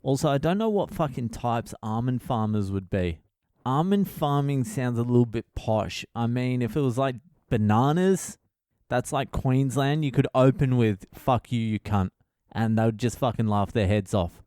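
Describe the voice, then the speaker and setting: Swearing Australian man, smooth voice. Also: medium pitch, animated, moderate pace, dark tone, dry recording, clean studio sound. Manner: crude, profane, swears constantly; laughs at his own jokes. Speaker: podcast host, comedian. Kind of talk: casual comedic monologue.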